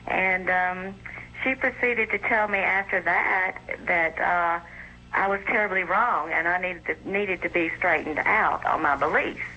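Bright caller in their forties on a phone line. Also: mid-range voice, unhurried. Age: 40s. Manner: earnest, recounting an argument. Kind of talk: phone-in call.

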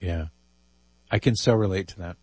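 A man hosts a radio talk show with a lowish, slightly husky voice. He chats wryly and reads out listener emails. The studio sound is dry and close. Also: moderate pace, darkish tone, no room sound, raised voice. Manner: chatty, wry, reads listener emails aloud.

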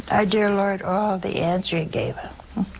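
A woman's voice: mid-range voice, fairly even intonation, takes it slowly, a little hiss or hum. A woman preaching a sermon in a folksy, humorous way, speaking directly to her listeners. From Italian family background.

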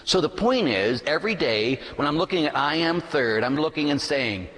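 Male pastor, animated sermon delivery, slightly high voice, live church acoustics with long reverb. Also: moderate pace, few pauses. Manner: animated preaching, acts out quoted voices.

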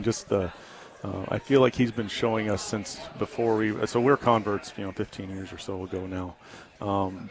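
Earnest, halting man with a low voice. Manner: earnest, halting, many ums and restarts. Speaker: guest, ministry founder. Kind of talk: talk radio interview.

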